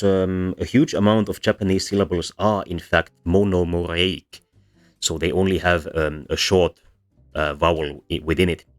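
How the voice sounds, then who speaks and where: A man giving a casual, hesitant lecture on linguistics, with frequent ums and restarts. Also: low-pitched. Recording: soft background music under voice.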